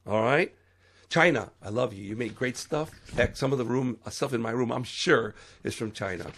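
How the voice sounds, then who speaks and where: A man's voice: medium pitch, moderate pace, vocal fry, fairly bright tone, slight background noise. A man hosting a solo podcast, talking in an earnest, preachy monologue that rises suddenly for emphasis and trails off into fillers. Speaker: podcast host.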